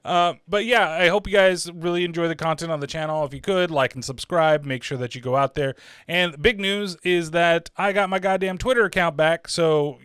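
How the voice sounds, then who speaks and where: A man's voice: fairly high pitch, normal speed, fairly bright tone, smooth, no room sound, studio quality. Profane rambling man reviewing films. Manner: rambling, profane, full of fillers like "like" and "uh". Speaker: horror movie reviewer, channel host. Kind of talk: casual spoken film review.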